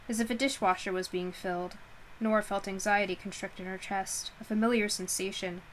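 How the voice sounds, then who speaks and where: A woman reads a novel aloud in an informal, unpolished way, tripping over words and fixing them as she goes. Her voice sits at an ordinary middle pitch, and she drops into chatty asides to the listener. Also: steady tone, a little fast, slight background noise, poor audio. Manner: stumbles and corrects herself, chatty asides. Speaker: audiobook reader. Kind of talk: casual read-aloud narration.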